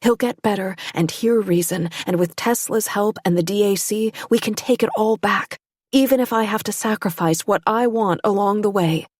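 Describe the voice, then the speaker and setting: A woman's voice: mid-range voice, moderate pace, darkish tone, no room sound, pitched above the performer's own voice, close to an everyday voice. A woman reading a desperate young woman who pleads, close to tears, her voice rising. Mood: pleading.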